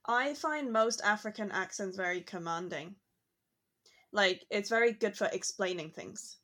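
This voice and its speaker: A woman's voice: medium pitch, measured pace, pushed and bright. Casual co-host: woman, conversational, reflective, easy laughter. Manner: chatty, reflective, laughs easily. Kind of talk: casual chat.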